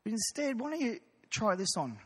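A man preaching a lively, jokey sermon as pastor, acting out voices of his congregation. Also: sits high, normal speed, breathy edge. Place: church hall. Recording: long hall reverb.

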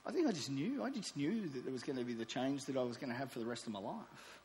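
A man in his forties preaching a sermon, with emphatic declarations and softer asides. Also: mid-range voice, animated, fast talker, few pauses, a little hiss or hum. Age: 40s. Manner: emphatic, swings between loud declarations and soft asides. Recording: long reverb of a large hall.

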